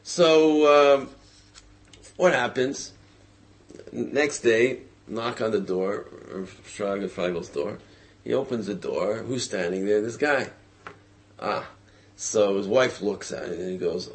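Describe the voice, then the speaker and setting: A man teaching a religious class through a story, animated and acting out voices, with frequent fillers. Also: on the low side, slow pace, pauses often.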